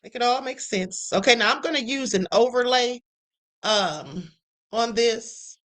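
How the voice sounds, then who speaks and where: A woman's voice: on the high side, unhurried, fairly bright tone. A woman hosting a live stream, chatting opinionated commentary straight to her viewers.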